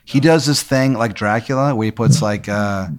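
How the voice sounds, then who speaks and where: A man's voice: mid-range voice, moderate pace, smooth. A man hosting a podcast, telling an improvised, rambling scenario to his guest and swearing casually as he goes. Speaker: podcast host. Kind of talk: improvised storytelling.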